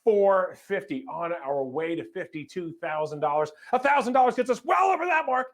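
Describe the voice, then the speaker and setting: High-voiced upbeat fundraiser emcee man. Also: moderate pace. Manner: energetic, upbeat announcing of donors; stumbles over names. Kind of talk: live fundraising appeal.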